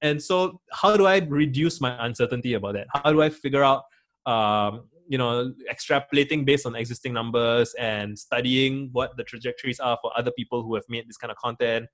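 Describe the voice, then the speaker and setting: A man's voice: mid-range voice, fairly quick, a bit bright. A young man speaks as an interview guest in easy, conversational talk. He rambles, often circling back with fillers and restarting his sentences.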